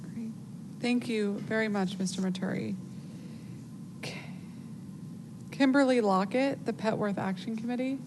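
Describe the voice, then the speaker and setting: Brisk woman chairing a hearing. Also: fairly high pitch. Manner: brisk and courteous. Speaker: council member chairing a hearing. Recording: hearing-room audio with clear ambient noise.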